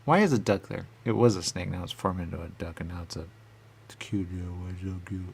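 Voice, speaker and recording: Gravelly-voiced man in silly banter. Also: low-pitched, quick pace, a little hiss or hum. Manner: goofy, answers his own questions, slips into hushed asides. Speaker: radio show personality. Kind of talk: comic rambling back-and-forth with himself.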